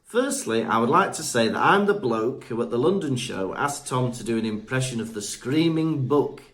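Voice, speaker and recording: A man's voice: mid-range voice, animated, moderate pace, a bit bright. A man co-hosting a podcast, reading listener reviews aloud in a chatty way with fillers, stumbling over names. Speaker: podcast co-host. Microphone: remote podcast mic.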